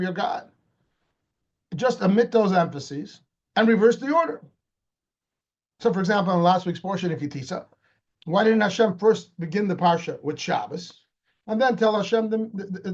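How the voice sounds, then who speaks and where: A rabbi, a man with a high-pitched voice, teaches a Torah lesson in a lively, explanatory way. He keeps asking rhetorical questions and starts sentences over. The recording sounds muffled and lo-fi. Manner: animated, asks rhetorical questions, repeats words when restarting. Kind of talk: explanatory lecture.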